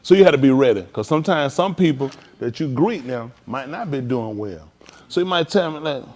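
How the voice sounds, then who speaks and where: A man's voice: mid-range voice, animated, fairly quick, a little mellow. A man coaching a group class, joking and laughing as he runs practice drills. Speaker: class instructor.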